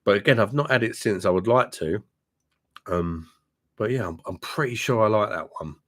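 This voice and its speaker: A man's voice: on the low side, normal speed, fairly bright tone. A middle-aged man with a blunt, joking manner, chatting casually with viewers on a live stream and calling them mate. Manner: blunt, laughing, swears freely, addresses viewers as mate. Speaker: beer reviewer and live-stream host. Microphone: webcam mic.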